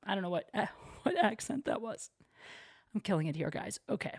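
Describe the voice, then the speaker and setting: A woman's voice: mid-range voice, expressive, normal speed, creaky, slightly rough. A young woman hosting a podcast alone from her apartment, chatting casually and poking fun at herself, with lots of "like". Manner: chatty, self-deprecating, lots of "like". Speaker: podcast host. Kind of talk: casual solo podcast chat.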